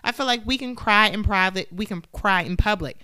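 A woman co-hosting a podcast, talking in a casual, animated and opinionated way. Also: mid-range voice, brisk, smooth, no echo, clean studio sound. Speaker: podcast co-host. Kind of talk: casual chat.

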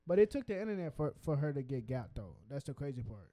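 A man's voice: medium pitch, sing-song, quick pace, dark tone, no room sound. A man co-hosting a casual podcast, laid-back, laughing often and joking around. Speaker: podcast co-host. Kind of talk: casual chat.

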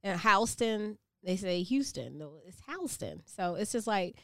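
A woman's voice: medium pitch, measured pace, bright, forceful tone, smooth, dry recording, studio quality. A woman from Savannah, Georgia, chatting casually and teasingly, with many fillers. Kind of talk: casual chat.

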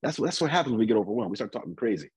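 A man preaching a conversational sermon, often repeating and restarting his words and reading scripture slowly. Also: lowish voice, very animated, husky, no echo, rough recording.

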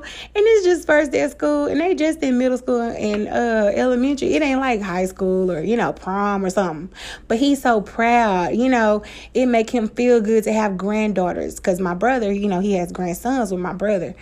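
A woman's voice: on the high side, moderate pace. Candid woman with a Black American vernacular accent. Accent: African American Vernacular English. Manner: candid, emotional, swears freely, laughs often. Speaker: podcast host. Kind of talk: casual personal podcast monologue.

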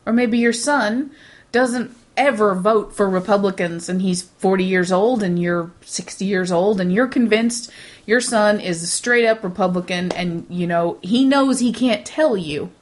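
Brief: woman in a casual podcast chat, mid-pitched voice, rambling and animated delivery. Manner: rambling, animated, many restarts. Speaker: podcast co-host.

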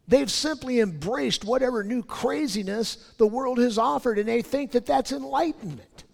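A man preaching a sermon, rising loud on his key points and dropping low for scripture. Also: vocal fry. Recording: long hall reverb.

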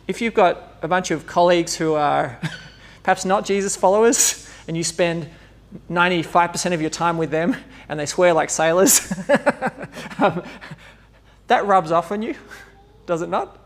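A male preacher, speaking in a loose, chatty sermon style. His voice sits a little high for a man and has a gravelly, creaky edge. He breaks into laughs and acts out small dialogues as he talks. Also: normal speed. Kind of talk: informal conversational sermon.

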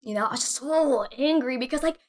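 A woman's voice: high-pitched, fairly quick. A young woman from Texas, an actress, chatting casually and telling a story with lots of laughter. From Texas, USA. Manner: animated storytelling, acts out other people in squealing voices, laughs often. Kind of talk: casual podcast chat.

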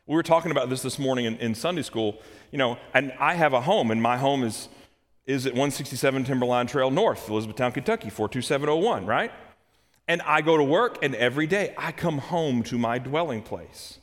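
A pastor preaching a conversational sermon, swinging between loud and soft. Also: male voice, expressive, brisk. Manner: conversational, dramatic swings in pitch and volume. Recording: long hall reverb.

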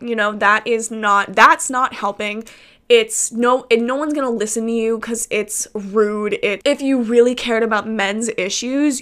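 A woman's voice: a little high, fairly bright tone. A young woman content creator ranting casually to camera, exasperated and sarcastic, swearing often and laughing between points. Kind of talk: casual vlog rant.

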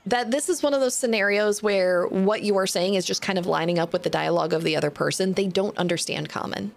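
A woman narrating as game master of a tabletop game, reading item text in a relaxed way with fillers. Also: mid-range voice, fast, gravelly.

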